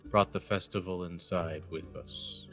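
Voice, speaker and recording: A man playing a tabletop game, slow and soft-spoken, faint music behind. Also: sits low, steady tone. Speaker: player. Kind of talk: casual tabletop play.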